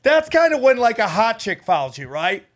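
A man hosting a podcast, telling stories in casual chat, animated and swearing freely. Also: high-pitched, moderate pace. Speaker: podcast host.

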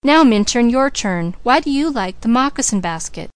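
A woman's voice: a little high, animated, moderate pace, clean tone, voice pushed up, lightly acted. A woman reading the lines of a persistent older father in an audiobook, asking questions. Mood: probing. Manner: probing, persistent. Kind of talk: audiobook character voice.

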